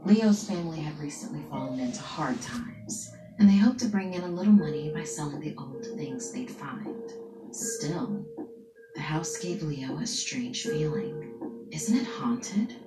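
A woman narrating a scary story in a hushed, dramatic way, with music playing behind her. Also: low voice, a little slow. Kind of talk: scripted spooky story narration. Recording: echoey room with music behind. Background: background music.

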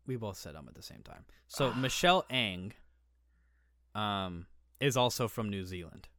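A man's voice: fairly low pitch, lively intonation, normal speed, bright, forceful tone, dry recording, clean studio sound. Laid-back man rambling on a podcast. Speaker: podcast co-host. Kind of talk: casual chat.

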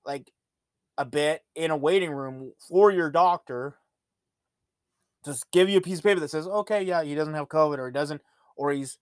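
With a clean tone on the high side, this podcast host from Ontario, Canada, talks at a normal speed but pauses often. He rambles through relaxed, profane stories in a casual monologue, recorded in a clean studio with no room sound.

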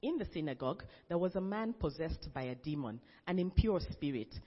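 A man's voice: a little high, lively intonation, fairly quick. A man reading scripture aloud in a plain manner, often stumbling and restarting a phrase. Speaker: scripture reader. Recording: dull, reverberant recording.

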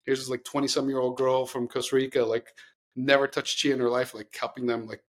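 Husky-voiced man telling earnest stories. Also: mid-range voice, level tone, a little fast. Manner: earnest, rambling with many restarts. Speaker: podcast co-host. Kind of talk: casual storytelling chat.

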